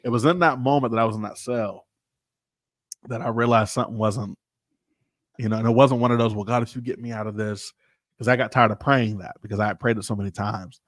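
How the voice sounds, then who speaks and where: A man and pastor telling a personal story casually, animated and informal, acting out the people he quotes. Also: medium pitch, brisk, no echo, studio quality.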